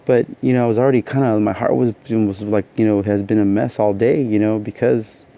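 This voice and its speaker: This tired vlogger hasn't slept enough, and it shows as he meanders through a personal anecdote, leaning on "you know" over and over. He speaks briskly in a steady, lowish voice. The recording sounds dull and lo-fi, with a faint layer of noise.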